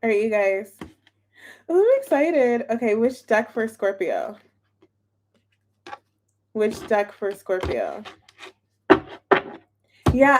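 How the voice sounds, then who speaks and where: A woman's voice: medium pitch, noisy background. A young woman chatting casually on a live stream as a tarot reader, bubbly and chatty and greeting viewers by name. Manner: chatty, bubbly, reads chat names aloud.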